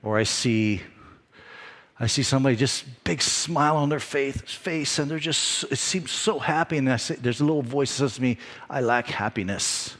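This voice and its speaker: A man preaching a sermon as a pastor, in a lively, conversational way with self-deprecating asides. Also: medium pitch, moderate pace, long reverb tail.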